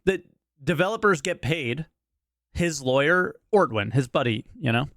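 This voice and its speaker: A man's voice: fairly high pitch, animated, unhurried, a bit bright, dry recording, studio quality. A man giving casual reaction commentary as a streamer, blunt and skeptical, pushing back on what he hears.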